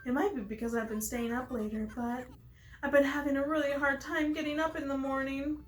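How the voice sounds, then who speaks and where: A woman's voice: high-pitched, steady tone, fairly quick, voice pushed up, close to an everyday voice. A woman voicing a shy, lovesick young female pelican with a put-on accent, nervous and dreamy.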